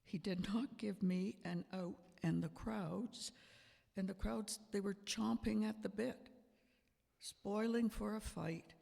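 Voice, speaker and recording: In an amateur church drama, a man with a high, creaky, slightly mellow voice and fairly even intonation plays Pontius Pilate, the defensive Roman governor justifying himself on the witness stand. His exaggerated delivery is slow, deliberate and emphatic, with long reverb from the church sanctuary.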